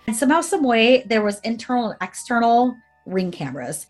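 A woman's voice: a little high, a little fast, faint music behind. A woman co-hosting a podcast, telling a story casually, acting out quoted speech and swearing freely. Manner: animated, acts out quoted speech. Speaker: podcast co-host.

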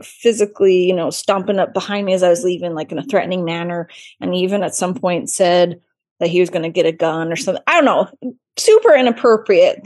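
A woman in her late thirties, a physician guest in a casual interview, telling stories with lively acted-out quotes. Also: medium pitch. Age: late 30s. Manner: lively storyteller who acts out quoted voices.

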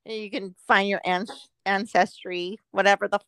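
A woman's voice: mid-range voice, steady tone, moderate pace, a bit bright, clean tone, no echo. A woman from Southern California co-hosting a podcast, speaking bluntly and with lots of swearing in casual chat. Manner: profane, blunt, laughs along. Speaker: podcast co-host.

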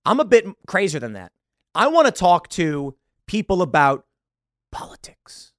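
A fired-up man in his thirties rants through a podcast monologue, his voice bouncing up and down in pitch as he argues his point. He stumbles over restarts and pushes hard on key words. The sound is close and dry. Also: moderate pace, no echo. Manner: animated and combative, with emphatic outbursts and stammered restarts. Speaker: podcast host. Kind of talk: opinionated monologue.

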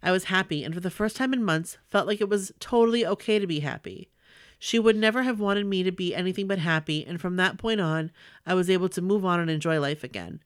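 A woman's voice: lowish voice, brisk, clean tone, dry recording, clean studio sound. A woman in her forties reading a personal story aloud in an earnest, emotional way. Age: 40s.

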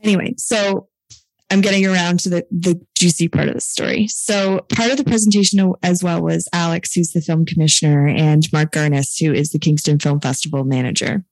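A young adult woman and filmmaker telling a story in casual chat, full of "like" fillers and quick laughs. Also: on the low side, fairly even intonation, darkish tone, no room sound, rough recording. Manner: chatty, many "like" fillers, laughs often. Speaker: filmmaker and producer.

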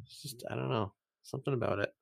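A man's voice: mid-range voice, gravelly. A young man from Vermont co-hosting a podcast, playful and laughing often in casual chat.

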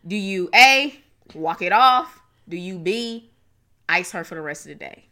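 Animated young woman co-host, bright voice. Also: medium pitch. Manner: animated, playful, quick asides. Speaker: podcast co-host. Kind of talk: casual chat.

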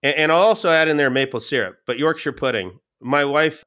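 A man, a podcast guest, telling stories in a lively casual way, often laughing and repeating words. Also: fairly high pitch, fairly quick, clean tone. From Scottish-English family. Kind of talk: casual storytelling.

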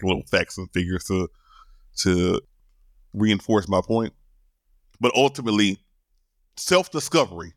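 Candid deep-voiced male podcast host. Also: dry recording, clean studio sound. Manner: candid and emotional, swears casually, repeats words as he builds up. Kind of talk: solo podcast talk.

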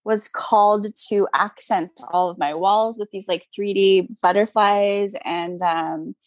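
A young woman talks easily in a casual interview, bubbly and loose, her sentences strung together with fillers and small laughs. Her pitch sits mid-range for a woman, and the recording is dry and close with no room sound. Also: steady tone, measured pace, dry recording. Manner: chatty, upbeat, lots of "like" and "you know" fillers, frequent laughs. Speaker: guest, crystal seller.

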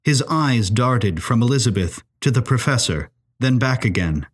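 A man narrating a serialized mystery story in an expressive, measured way. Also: mid-range voice, breathy edge. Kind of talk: audio drama story narration.

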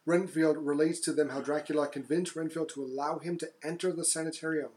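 Casual man recapping a film. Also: on the high side. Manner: relaxed, recaps plot with hesitant fillers and quick voiced asides. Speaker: podcast co-host. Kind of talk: casual movie recap chat.

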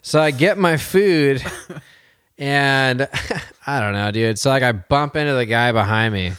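A man's voice: mid-range voice, unhurried, smooth, dry recording, studio quality. An American man in his thirties telling a story in casual chat, swearing and laughing often. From United States. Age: 30s. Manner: profane, laughing, animated storytelling.

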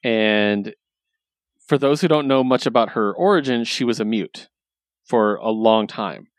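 A man's voice: fairly low pitch, a little slow, dry recording. A man hosting a casual talk, recapping stories with enthusiasm and plenty of ums and likes. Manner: enthusiastic, lots of fillers. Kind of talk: casual chat.

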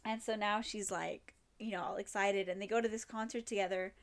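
A woman's voice: mid-range voice, fairly even intonation, brisk. A woman in casual chat, retelling a drama plot in a rambling way full of fillers and acted quotes. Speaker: co-host recapping a drama.

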